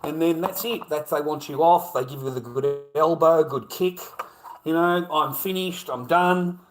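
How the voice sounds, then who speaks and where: A man with an Australian accent rambles through a coarse livestream rant, cursing in nearly every sentence. His voice sits noticeably high for a man, and the room around him rings with echo. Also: moderate pace. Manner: crude, swears constantly, rambling.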